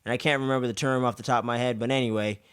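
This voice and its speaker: Speaking at a racing clip with fairly even intonation, this young man runs through a podcast episode recap. His mid-range voice is a bit bright, clear and resonant, captured dry at studio quality. He's loose and profane, peppers everything with "man" and "uh," and does over-the-top voices for the characters' lines.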